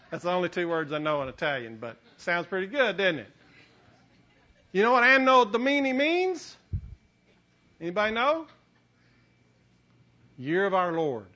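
Animated high-voiced preacher man. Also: dull audio. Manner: animated preaching, rises to emphatic peaks, many restarts. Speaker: pastor. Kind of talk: sermon.

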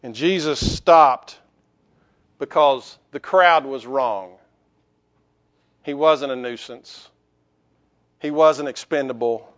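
A man's voice: mid-range voice, slow pace, long pauses, fairly bright tone, muffled recording. A man pastor preaching a sermon in a conversational way, with restarts and rhetorical questions to the congregation.

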